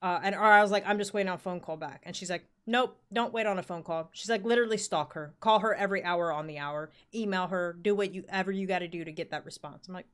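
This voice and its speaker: A woman's voice: on the low side, fast, hardly any pauses, fairly bright tone, clear, resonant tone. A woman in her forties telling a rambling work story in casual chat, full of fillers and the odd swear word. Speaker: podcast co-host.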